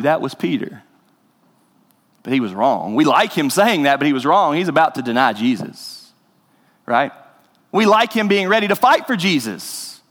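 A man's voice: medium pitch, fairly bright tone. A man preaching a sermon as pastor, earnest and conversational, rising to emphasis. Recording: reverberant hall.

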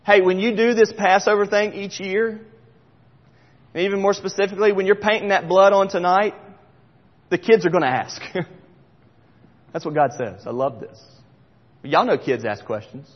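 A middle-aged man with a drawl preaches from the pulpit, his fairly high voice rising to loud pleas and dropping to hushed, near-whispered lines. The sound is a little dull and lo-fi, and it hangs in the long reverb of a church sanctuary. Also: normal speed, long pauses. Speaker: pastor. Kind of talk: sermon.

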